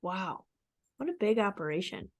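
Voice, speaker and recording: A woman's voice: mid-range voice, expressive, normal speed. A woman co-host of a podcast asking casual, curious follow-up questions.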